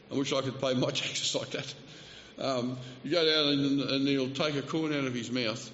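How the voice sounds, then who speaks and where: A man's voice: mid-range voice, moderate pace, fairly bright tone, slight background noise. A male preacher delivering a sermon, telling the story vividly and acting out the quoted speech, with light asides. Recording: roomy hall, slightly dull sound.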